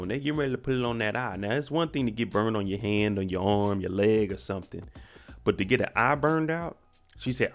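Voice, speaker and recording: A man's voice: fairly low pitch, fairly quick, soft background music. Slangy, laid-back recap guy. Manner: slangy, conversational storytelling, addresses viewers. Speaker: TV episode recap host. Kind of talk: casual episode recap.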